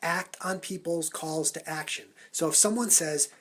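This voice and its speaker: A man vlogging for social media, talking in an energetic, punchy countdown style into a phone held at arm's length. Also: a little high, normal speed, few pauses, breathy edge. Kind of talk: upbeat Snapchat vlog talk.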